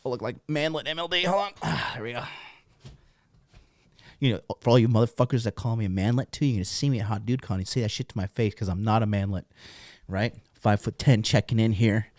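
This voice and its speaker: A man's voice: medium pitch, fast, a little mellow, no echo. A man hosting a dating channel, ranting bluntly in a casual rambling way with lots of swearing. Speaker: dating coach host. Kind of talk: casual profane rant to camera. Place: seated at a desk, indoors.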